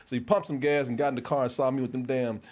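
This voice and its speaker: A man hosting a podcast, telling a story in a casual, animated way, laughing often and getting loud when he quotes people. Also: medium pitch, fast. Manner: animated, laughs often, shouts when quoting his brother. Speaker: podcast host.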